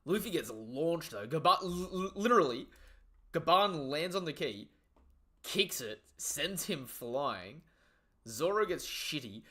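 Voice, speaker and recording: Young male streamer, bright forceful voice, excitable and profane, casual reaction chatter. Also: on the high side, measured pace. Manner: excitable, slangy, profane, trailing off into asides. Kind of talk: casual live reaction commentary.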